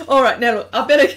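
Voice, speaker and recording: A woman's voice: fairly high pitch, fairly bright tone. A middle-aged Australian woman hosting an art live stream, chatting casually and greeting viewers by name with frequent laughs.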